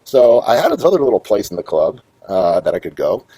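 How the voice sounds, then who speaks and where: A middle-aged man spins a rambling, swear-heavy story, his low voice swooping up and down as he gets worked up. The tone is dark and husky. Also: brisk, dry recording, poor audio. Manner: profane, rambling, animated storyteller. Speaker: host. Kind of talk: casual storytelling monologue.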